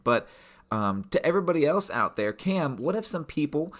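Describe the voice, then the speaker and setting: A man co-hosting a tabletop gaming podcast, pitching a scenario in a rambling, casual way with lots of fillers. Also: big pitch swings, normal speed. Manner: rambling, many fillers and restarts. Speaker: podcast co-host, game master. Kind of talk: casual chat.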